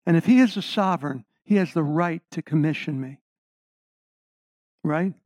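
A man's voice: on the high side, normal speed, a little mellow, no echo. A middle-aged man preaching a sermon, stressing key words and putting questions to the congregation. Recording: slightly dull lo-fi sound.

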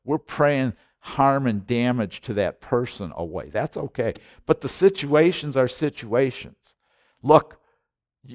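A man preaching a sermon with passion, repeating words and swinging from loud to hushed. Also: mid-range voice, dry recording, clean studio sound. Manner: impassioned, repetitive, swinging between loud and hushed. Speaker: pastor.

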